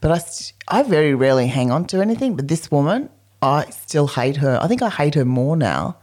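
Animated low-voiced woman. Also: fairly quick. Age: middle-aged. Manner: animated, blunt, swears freely. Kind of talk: casual chat, storytelling. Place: hotel room.

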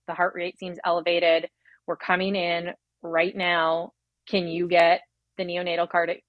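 A woman's voice: on the low side, no room sound, muffled recording. A woman in her thirties telling her birth story in a rambling, heartfelt way, full of fillers and quoted thoughts. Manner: quick, rambling, many fillers and acted-out inner quotes. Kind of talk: emotional personal storytelling.

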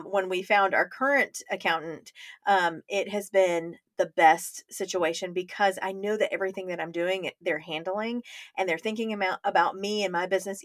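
A woman co-hosting a podcast in casual chat, telling animated stories and acting out what people said. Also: lowish voice. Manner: animated storyteller, acts out quotes, laughs often. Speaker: podcast co-host.

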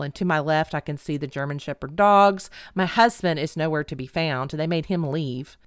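A middle-aged woman telling a funny personal story in an animated, dramatic, self-mocking way. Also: deep voice, moderate pace, dry recording, clean studio sound. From Texas.

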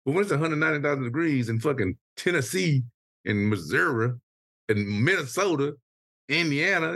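A man in his thirties co-hosts a laid-back podcast, telling a long, profane story with lots of acted-out quotes. His voice leaps up and down in pitch as he gets worked up, with a husky edge. The sound is close and dry. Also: expressive, normal speed, a bit bright, no room sound. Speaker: podcast co-host. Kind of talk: casual chat, venting story.

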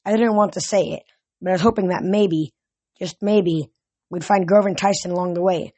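A man reading a novel aloud as a fan audiobook, steady with occasional slips and restarts. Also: high-pitched, fairly quick, no room sound. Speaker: audiobook reader.

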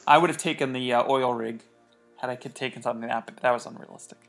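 A man hosting a casual podcast chat, rambling and halting as he searches for words. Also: medium pitch, fairly even intonation, soft background music. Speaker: podcast host.

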